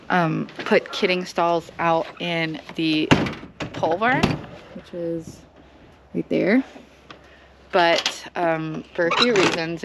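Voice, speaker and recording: Gravelly-voiced woman chatting in a barn. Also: fairly low pitch. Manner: coos and baby-talks to her goats. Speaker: farm vlogger. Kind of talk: casual farm vlog chat. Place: outdoors and in a barn with goats. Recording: noisy barnyard recording with goat bleats.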